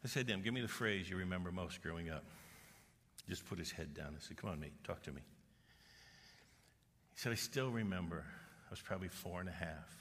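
In a church auditorium, a middle-aged pastor delivers a sermon, earnestly telling stories and voicing the people in them. His voice is low yet fairly bright, and he speaks fast. The large hall adds a long reverb.

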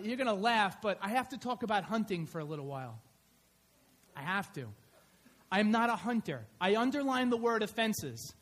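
A man preaching a conversational sermon in church, telling stories in an animated way. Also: high-pitched. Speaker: pastor. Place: church sanctuary.

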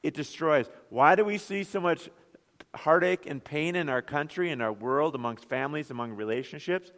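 A man's voice: on the high side, normal speed, a bit bright. A man, a pastor, preaching an earnest sermon full of rhetorical questions. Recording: long hall reverb.

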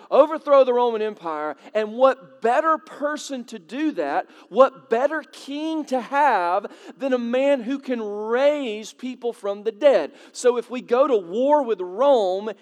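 High-voiced preacher in a reverberant hall. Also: male voice. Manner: conversational preaching with rhetorical questions and dramatic swells. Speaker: pastor. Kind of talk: sermon.

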